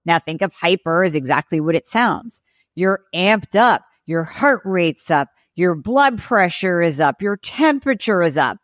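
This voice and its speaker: Low-voiced woman explaining thyroid science. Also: lively intonation, moderate pace, dry recording, studio quality. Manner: explanatory, acts out patient and doctor dialogue. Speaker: guest thyroid expert. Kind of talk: podcast interview.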